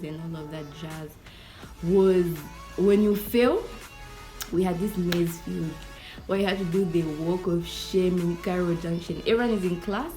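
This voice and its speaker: Lively young Zambian woman telling stories. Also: fairly low pitch. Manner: animated, acts out quoted people, chatty fillers. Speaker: YouTuber. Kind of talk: casual storytime.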